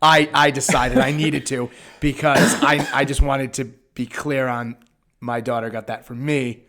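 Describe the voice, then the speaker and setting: Male podcast co-host, mid-pitched voice, relaxed and conversational, quick to laugh. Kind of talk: casual chat.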